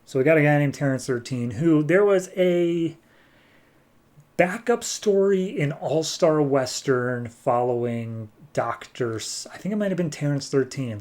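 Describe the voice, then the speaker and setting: A man's voice: fairly high pitch, animated, measured pace, a little mellow. A man hosting a comic book podcast, recapping an issue in a chatty, jokey way and acting out the scenes.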